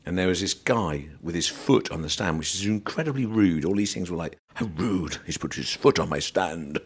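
Casting: middle-aged English man, low voice, animated podcast storyteller. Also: moderate pace, slightly rough. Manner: animated anecdotes, acts out voices. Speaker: podcast guest. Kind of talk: casual storytelling chat.

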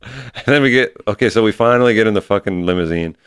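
This is a young man with a low, smooth, resonant voice, recorded dry and close. He tells a story in loose, laid-back chat among friends and swears freely as he goes. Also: quick pace, fairly bright tone, dry recording. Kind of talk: casual chat.

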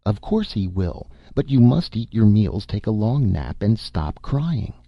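A man reading the part of a stern, blunt woman nurse, with pointed, crisp questions. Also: lowish voice, big pitch swings, a little slow, dry recording, dull audio, voice pushed up, heavily acted. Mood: coaxing.

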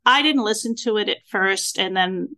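A woman in her sixties hosting a podcast, chatting casually and telling stories with lively, acted-out reactions. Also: medium pitch, normal speed. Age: 60s. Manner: animated storyteller acting out her own reactions. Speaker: podcast host. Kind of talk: casual interview chat.

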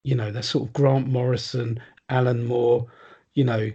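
A man's voice: medium pitch, level tone, moderate pace, warm tone, slightly rough, dull audio. A man chatting casually on a podcast, rambling with lots of ums and restarts. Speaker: podcast guest. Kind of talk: casual chat.

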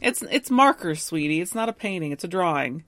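A woman co-hosting a podcast casually retells a story in chatty fashion, laughing often. Her voice is on the low side, expressive, brisk, and a bit bright, captured in studio quality with no room sound.

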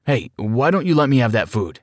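A cocky teenage bully, played by a male narrator who taunts in a swaggering, lively voice. He sounds close and dry, with his pitch moving freely as he sneers. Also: brisk, no room sound, lightly acted. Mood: taunting.

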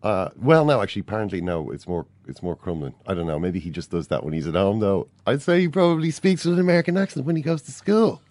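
A low-voiced Irish co-host jokes his way through a sports podcast. The sound is dry and close, with no room around it. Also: big pitch swings, fast, few pauses, darkish tone, dry recording. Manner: joking, laughing. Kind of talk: casual sports chat.

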